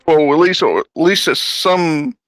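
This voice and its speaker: A man's voice: on the high side, a bit bright, no room sound. A man who is not a native English speaker, talking hesitantly as a guest in casual chat. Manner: hesitant, halting. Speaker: guest on stream.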